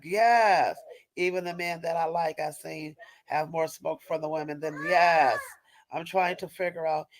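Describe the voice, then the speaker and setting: A woman's voice: deep voice, rough recording. A woman hosting a live stream and answering viewer chat, ranting with emphatic, repetitive restarts. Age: adult mother of young kids. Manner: emphatic, repetitive, stops and restarts mid-sentence. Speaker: livestream host reading viewer chat. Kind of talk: impassioned live-stream rant.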